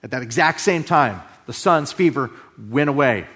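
A man preaching a sermon, moving between loud emphasis and hushed, drawn-out phrases. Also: medium pitch, animated. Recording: long hall reverb.

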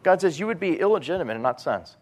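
A male preacher delivering a sermon in a somewhat high voice. He is animated, pushing some lines out loudly and dropping others to quiet asides. His talk is plain and conversational. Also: fast, husky. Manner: animated, swings between loud emphasis and quiet asides.

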